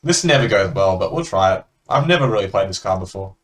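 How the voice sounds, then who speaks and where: A man's voice: low-pitched, animated, fast talker, fairly bright tone. An Australian man chatting casually and laughing between remarks as he comments on a card game he is playing.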